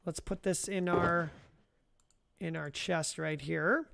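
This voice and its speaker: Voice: mid-range voice, steady tone, slow pace, vocal fry, noisy background. Live-stream gamer, casual running commentary, talks to chat directly, laughs a lot. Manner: chatty, talks to chat viewers by name; rambling with frequent restarts and self-amused laughs. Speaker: livestreamer.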